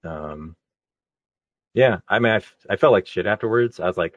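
A man's voice: on the low side, moderate pace, dry recording, lo-fi sound. A man telling a story in a casual podcast chat, laid-back and laughing as he goes. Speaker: podcast co-host.

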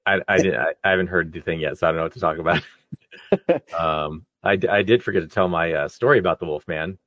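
A man's voice: low-pitched, quick pace, fairly bright tone, no echo, lo-fi sound. A man telling a story in a casual podcast chat, laid-back and laughing as he goes. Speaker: podcast co-host.

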